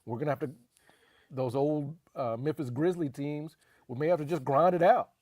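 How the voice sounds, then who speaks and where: A man co-hosting a casual sports talk show, talking in an animated, emphatic way with laughs and repeated phrases. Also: fairly high pitch, normal speed, no room sound, clean studio sound. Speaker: podcast co-host.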